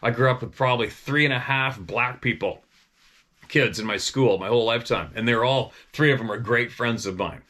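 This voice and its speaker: A man's voice: mid-range voice, fairly quick, bright, forceful tone. A middle-aged man from Vancouver Island, a hunting guide telling stories in a rambling, profane way that often restarts mid-sentence. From Vancouver Island, Canada. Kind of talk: casual storytelling.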